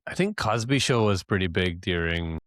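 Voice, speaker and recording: Easygoing low-voiced man co-hosting. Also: expressive, moderate pace, a bit bright, no room sound, clean studio sound. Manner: easygoing, laughs along. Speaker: podcast co-host, father. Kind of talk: casual podcast chat.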